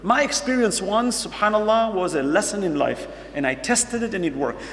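Gravelly-voiced man telling a story in a sermon. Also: high voice, lively intonation, moderate pace, fairly bright tone. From United States. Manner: earnest storyteller, acts out dialogue, asks the audience questions. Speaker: Muslim speaker. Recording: echoey hall with faint hum.

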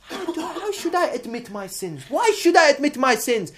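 A man preaching an emotional sermon, moving between loud, urgent emphasis and quiet, hushed passages, with chanted supplications woven in. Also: very high-pitched, very animated, normal speed. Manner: intersperses melodic chanted supplications.

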